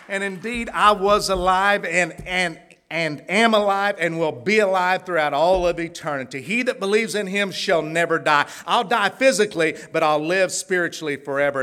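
A man from Tulsa, preaching a testimony sermon in a folksy storytelling way, laughing often and swinging between hushed and fervent. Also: mid-range voice. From Tulsa, Oklahoma.

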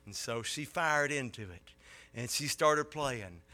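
Forceful, bright-voiced preacher, rising and falling. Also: male voice, lively intonation, measured pace. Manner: builds to loud impassioned peaks, then drops low. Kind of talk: sermon.

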